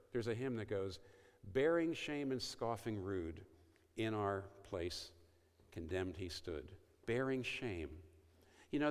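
A man giving an evangelistic talk to a university audience, telling stories and acting out quoted lines. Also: mid-range voice. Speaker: speaker at a university event. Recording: reverberant hall.

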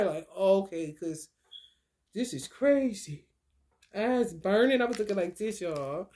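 High-voiced, laughing woman. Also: very animated, takes it slowly, darkish tone. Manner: loose and playful, laughing often, swinging between low murmurs and high bursts. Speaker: tarot reader. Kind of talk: casual spiritual monologue.

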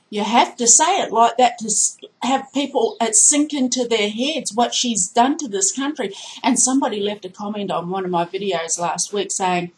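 A woman's voice: on the high side, a little slow, poor audio. A woman vlogging a heated political rant, indignant and emphatic, hammering her points by repeating them. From Australia.

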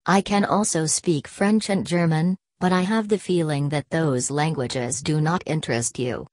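Woman reading a greedy middle-aged hustler: low, smooth, salesman pitch. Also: measured pace, darkish tone, dry recording, clean studio sound. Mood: smooth, persuasive. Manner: direct, salesman-like.

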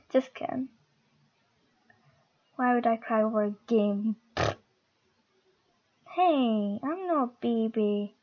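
A playful woman chats her way through a game, talking back to the other players and her viewers. Her voice sits fairly high, and the lo-fi recording sounds dull and muffled. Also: drawn-out words, long pauses. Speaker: gamer. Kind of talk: casual gameplay commentary.

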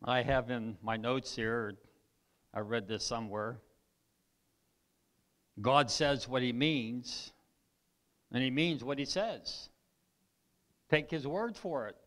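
Pastor with a tired, weakening voice. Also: male voice, mid-range voice, slow, long pauses, fairly bright tone. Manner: reads scripture aloud, throat clearing, repeats for emphasis. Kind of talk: sermon. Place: church.

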